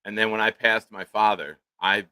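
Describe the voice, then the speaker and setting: Loud ranting New man. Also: fairly low pitch, moderate pace, dry recording, low-quality recording. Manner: loud, animated rants with crude jokes. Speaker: podcast co-host. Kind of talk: profane comedic storytelling.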